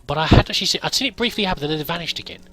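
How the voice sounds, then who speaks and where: A man's voice: a little high, animated, rapid-fire, bright, forceful tone, soft background music. A man giving casual gameplay commentary, chatting to himself and laughing at his own mistakes. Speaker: gameplay video host.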